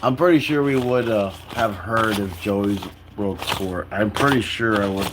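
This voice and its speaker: A man's voice: fairly low pitch, measured pace, background noise. A young man chatting casually on a livestream, rambling and tired, filling his talk with "like" and restarts.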